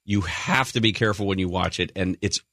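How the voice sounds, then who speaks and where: Radio guy cracking sarcastic jokes, bright forceful voice, dry studio sound. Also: low voice, brisk, no echo. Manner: sarcastic, animated storytelling. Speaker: radio show co-host. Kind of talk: casual talk radio banter. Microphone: studio microphone.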